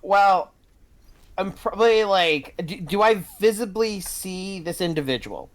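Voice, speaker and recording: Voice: medium pitch, expressive, unhurried. A player in a tabletop game, talking casually with frequent giggles.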